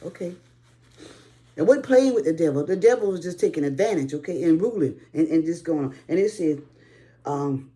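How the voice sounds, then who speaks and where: A woman's voice: low-pitched, animated, moderate pace, dark tone. A woman, preaching on a prayer call and singing hymn lines, near tears at times, in short bursts with many "okay?".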